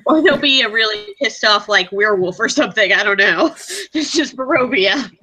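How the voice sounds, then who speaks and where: A woman playing a tabletop game, teasing and animated. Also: medium pitch, normal speed, husky, poor audio. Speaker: player. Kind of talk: casual tabletop play.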